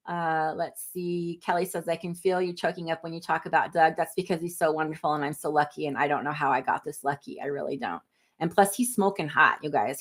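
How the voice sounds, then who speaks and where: A woman in her fifties hosting a casual livestream, reading viewer comments aloud in a chatty, apologetic way with quick asides. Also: on the low side. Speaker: livestream host.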